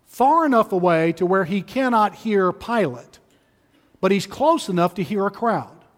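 High-voiced man preaching a sermon. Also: big-room sound. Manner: emphatic storytelling, repeats key phrases. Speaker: pastor.

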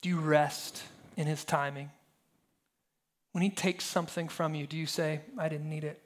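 A man's voice: fairly high pitch, fairly even intonation, moderate pace. A pastor in his thirties preaching a sermon, telling stories animatedly and firing rhetorical questions at the congregation.

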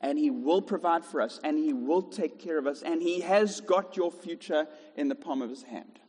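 A man's voice: on the high side, moderate pace, darkish tone, husky, in a large hall. A man preaching a sermon in a rhythmic style, with repeated contrasts and jokey asides. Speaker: pastor. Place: church.

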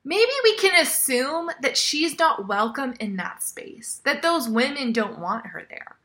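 A woman preaching a sermon in a conversational way, often dropping to a soft near-whisper. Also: high-pitched, big pitch swings, unhurried.

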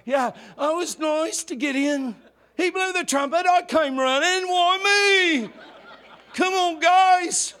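A man's voice: extremely high pitch, takes it slowly, bright, forceful tone, pitched above the performer's own voice, exaggerated voice. A man voicing a self-pitying young male foot soldier who whines and pleads. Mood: whiny. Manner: whining, pleading, half-laughing.

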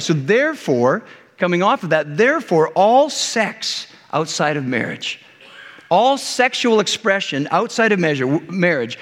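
A pastor preaching a conversational sermon, joking with the congregation and acting out quotes. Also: male voice, sits high, fairly bright tone, big-room sound. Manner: conversational, jokey, with many restarts and acted-out quotes.

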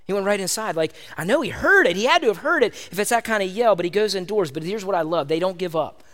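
A man preaching a sermon in a casual, animated way, calling his listeners "gang". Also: high-pitched, fast. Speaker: pastor.

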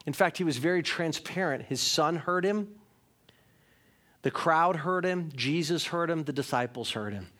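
A man's voice: on the high side, lively intonation, moderate pace, fairly bright tone. A man in his thirties, a pastor giving a sermon in a conversational, candid way, with self-mocking humor.

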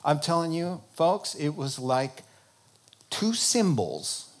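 In a sermon, a male preacher tells the story of his conversion, animated and often laughing as he acts out conversations. His voice sits on the high side and he speaks slowly.

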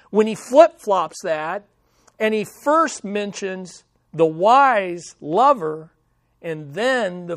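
High-voiced, slow-preaching man. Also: no room sound, clean studio sound. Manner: dramatic, preacherly emphasis with slow punchy phrases. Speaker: pastor. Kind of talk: sermon.

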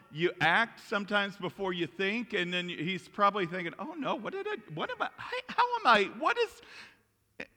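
A male pastor delivering a sermon, telling stories in an animated way with self-mocking jokes. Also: fairly high pitch. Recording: long reverb in a hall.

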